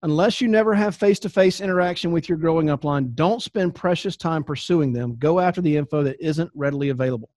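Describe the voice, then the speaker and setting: A man with a fairly high voice gives plain-spoken coaching tips straight to the listener. He is blunt and animated, stumbles over repeated words as he restarts sentences, and the sound is close and dry. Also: fast, few pauses, no echo. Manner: blunt, animated, acts out quoted exchanges. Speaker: business coach. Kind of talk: instructional talk to camera.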